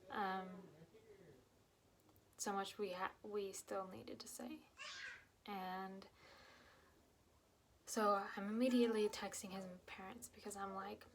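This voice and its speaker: Young woman, mid-pitch, raw and halting personal storyteller, slips into whispers, faint background noise. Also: gravelly, fairly bright tone. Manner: emotional, halting, many fillers and restarts; drops to whispers at painful moments. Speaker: vlogger telling her own story.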